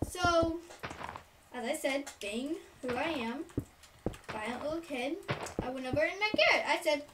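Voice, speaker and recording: A woman's voice: high voice, lively intonation, measured pace, long pauses. A young woman telling a childhood story in a casual, rambling way, full of fillers and side remarks. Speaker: storyteller vlogger. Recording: distant mic, noisy room.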